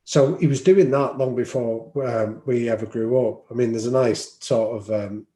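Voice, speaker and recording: Man, mid-pitched voice, reflective storyteller, lots of ums, echoey room. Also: normal speed, warm tone. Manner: reflective, anecdotal, frequent ums. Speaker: podcast guest. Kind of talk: storytelling in an interview. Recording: roomy echo.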